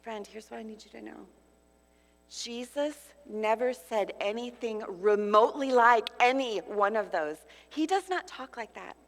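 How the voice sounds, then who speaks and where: A woman in her fifties preaches to a conference crowd, with a high, bright pitch. She swings between loud, emphatic declarations and quiet, intimate asides. Her voice carries a long reverb from the large hall. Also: measured pace. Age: 50s. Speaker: conference speaker. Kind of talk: sermon.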